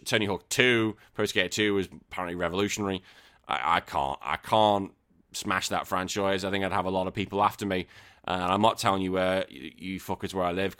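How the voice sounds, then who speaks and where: A podcast host with a lowish, sharp-toned male voice chats casually. He rambles, swears a lot, and keeps drifting into jokey tangents.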